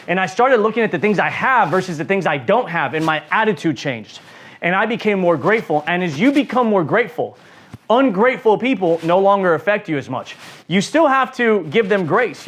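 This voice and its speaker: A man's voice: sits high, fairly bright tone. A man giving an earnest motivational talk about his years as an entrepreneur, speaking in repeated lists and full of fillers. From United States. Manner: earnest and emphatic, with many fillers and repeated phrases; speaks in lists and emphatic repetition. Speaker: entrepreneur sharing lessons.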